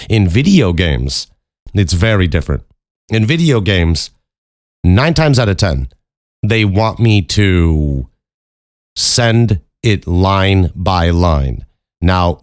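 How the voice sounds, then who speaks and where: Podcast host: deep-voiced man from Chicago, candid, a bit profane, dry close mic. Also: no room sound. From Chicago, USA. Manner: candid, profane, joking asides. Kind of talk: casual monologue.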